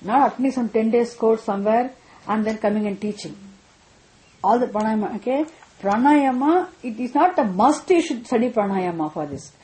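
A woman's voice: a little high, expressive, moderate pace, mellow, poor audio. A woman teaching scripture, patiently repeating key points and checking that listeners understand. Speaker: spiritual teacher. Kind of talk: scripture lesson.

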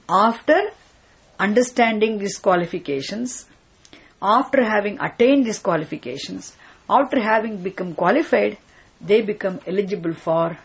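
A woman's voice: medium pitch, creaky, slightly rough. A woman teacher explaining a scripture text word by word, patiently repeating terms and checking with her students.

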